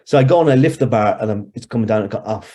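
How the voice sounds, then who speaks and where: A man's voice: on the low side, racing, mellow. An Irish man in his sixties, telling rambling stories as a guest in an interview. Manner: rambling, conversational storyteller. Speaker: hypnotherapist guest. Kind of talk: anecdotal storytelling in an interview.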